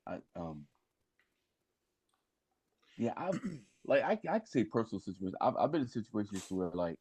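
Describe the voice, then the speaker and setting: Man co-host, low and mellow with a husky edge, rambling and hesitant, casual banter. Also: very animated, moderate pace. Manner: rambling, hesitant storytelling with many restarts. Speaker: podcast co-host. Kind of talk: casual chat.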